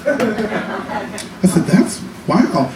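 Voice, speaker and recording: A man with a high, bright voice doing sassy, profane stand-up in a small club. He is miked from a distance, so the voice sounds roomy. Audience laughter and chatter run underneath. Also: big pitch swings, a little hiss or hum. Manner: sassy, profane storytelling with quick asides. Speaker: stand-up comedian. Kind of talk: one-man comedy show. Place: small cabaret club stage.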